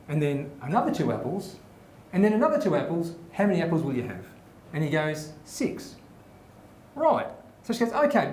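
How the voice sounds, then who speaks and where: A man's voice: fairly high pitch, darkish tone, a little hiss or hum. A man hosting a live comedy show, telling jokes and laughing along. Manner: chatty, laughs at his own jokes. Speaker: host. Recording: echoey room, faint ambience.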